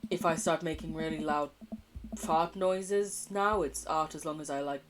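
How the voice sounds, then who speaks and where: A woman voicing a crude, joking dad in a dating game, delivering lowbrow jokes in a teasing, deadpan way. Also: normal speed, a little hiss or hum, lightly acted. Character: crude joking male dad, juvenile prankster. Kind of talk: reading game dialogue aloud.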